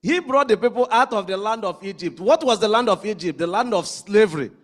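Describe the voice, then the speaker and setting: High-voiced man preaching in a reverberant church. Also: expressive, brisk. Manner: rhetorical questions, repeats lines for emphasis. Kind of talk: sermon. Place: church sanctuary.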